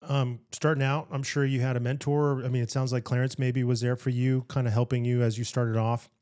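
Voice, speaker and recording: Mellow laid-back male podcast host. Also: medium pitch, little pitch movement, brisk, clean tone. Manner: laid-back, friendly, says man and bro. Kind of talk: casual interview chat.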